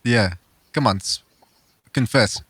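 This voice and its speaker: A man hosting a casual boxing podcast, loud and profane, laughing often as he talks to callers. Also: medium pitch, takes it slowly, breathy edge, dry recording. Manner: loud, swearing, laughs a lot. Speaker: podcast host.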